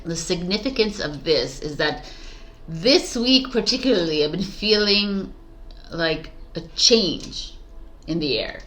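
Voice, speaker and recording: Woman, tarot reader, casual spiritual chat, rambling, lowish pitch, bright forceful tone. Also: slight background noise. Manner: rambling, chatty, lots of fillers and self-talk.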